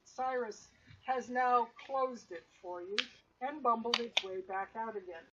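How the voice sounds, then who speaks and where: A woman's voice: a little high, a little slow. Woman game master, lo-fi stream audio. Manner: relaxed, rambling narration with many fillers. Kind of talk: narrating a tabletop game stream. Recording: dull lo-fi stream audio with faint hiss.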